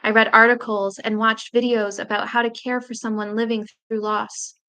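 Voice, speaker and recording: Brief: woman poet, slightly high voice, slow deliberate reading of her own verse, long pauses, intimate and grave. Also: little pitch movement, sharp tone, clear, resonant tone.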